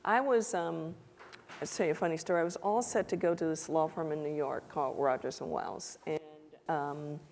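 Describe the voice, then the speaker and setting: A middle-aged woman, a guest on a stage interview before a live audience, telling an animated anecdote and acting out the dialogue. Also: low voice, moderate pace, creaky, a little hiss or hum. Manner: animated anecdotal storytelling, acts out quoted dialogue. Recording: echoey hall.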